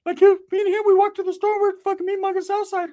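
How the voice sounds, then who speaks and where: A man putting on a squeaky, whining young cousin who sounds far off the mic, pitched way up above his own voice. The cousin is overexcited, pushy and loud, like a kid begging for his way. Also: little pitch movement, fast. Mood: excited. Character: whiny excitable young male cousin, gang wannabe.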